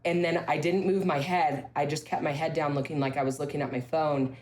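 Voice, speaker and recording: A woman from a ranch telling ghost stories in casual talk, emphatic, with halting restarts and key phrases repeated. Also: low voice, fairly even intonation, darkish tone. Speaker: ranch staff member interviewed about ghost stories. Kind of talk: casual spoken storytelling.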